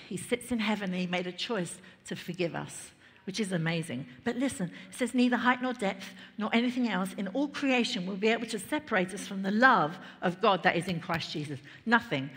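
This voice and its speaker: A woman pastor preaching a lively, conversational sermon in a church, laughing and chatting between points. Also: on the high side. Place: large church hall. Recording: reverberant church hall.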